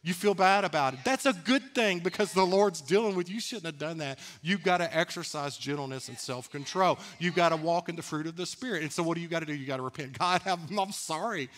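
A man's voice: fairly high pitch, quick pace, hardly any pauses, a bit bright. A man preaching a sermon as pastor in a church, talking candidly and conversationally, laughing at himself. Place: church sanctuary.

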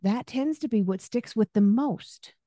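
A woman's voice: fairly high pitch, a little slow, mellow, no echo, studio quality. A woman podcast host from Arkansas, chatting in a friendly way and laughing often as she interviews her guest. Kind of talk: casual interview conversation.

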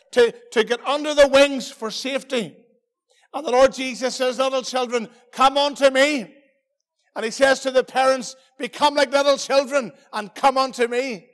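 A man's voice: extremely high pitch, fairly bright tone, long reverb tail. A man with a Northern Irish accent, a preacher giving a playful children's talk in a church service, telling stories and asking the children questions. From Northern Ireland. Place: church hall.

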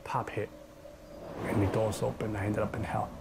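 A man's voice: lowish voice, level tone, moderate pace, creaky, noisy background. A man giving an earnest, dramatic personal testimony about his past. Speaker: testimony speaker. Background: music.

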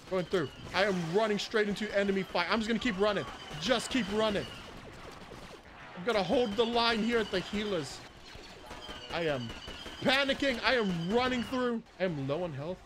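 Excitable man in panicky game commentary. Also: sits high, normal speed, noisy background. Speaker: gaming channel host. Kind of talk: gameplay commentary.

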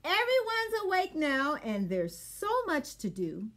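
A children's librarian reading a picture book aloud to children with animated storytelling. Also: female voice, sits high, a little slow. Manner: animated storytelling with sound effects.

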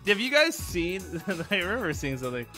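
Brief: young male game streamer, high, sharp tone, rambling and profane, faint music behind. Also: very animated, brisk. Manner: rambling, profane, greets chat by name. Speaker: gaming streamer. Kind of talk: casual live-stream chat while gaming.

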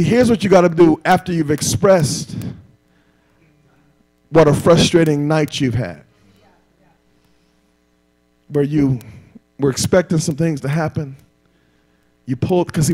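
A man preaching a sermon live in church, getting the congregation to repeat after him and swinging from quiet talk up to shouting. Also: husky, poor audio. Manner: builds to shouting peaks, then drops low. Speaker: pastor. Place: church sanctuary, recorded live.

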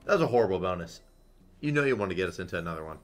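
A young man giving casual, excitable commentary while playing a slot game, swearing freely. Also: low voice, rapid-fire. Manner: excitable, swears a lot, chants "come on". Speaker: slot streamer. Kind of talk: live gambling commentary.

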